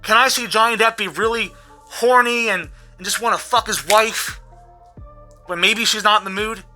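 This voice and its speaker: A vlogger in an angry, profanity-heavy rant, repeating words when worked up, with a voice going hoarse. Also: medium pitch, normal speed, sharp tone, faint music behind. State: losing their voice. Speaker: vlogger recapping a trial.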